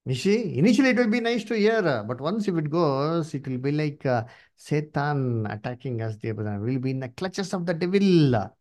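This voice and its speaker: A man preaching at a Bible study, emphatic and repetitive, swinging his pitch up and down. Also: animated, normal speed, darkish tone. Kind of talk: sermon with Bible reading.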